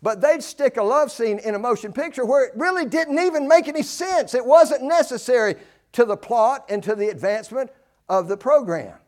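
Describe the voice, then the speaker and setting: High-voiced older preacher, emphatic. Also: male voice, lively intonation, moderate pace. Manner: emphatic, repeats key phrases, swings between loud and hushed. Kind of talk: sermon.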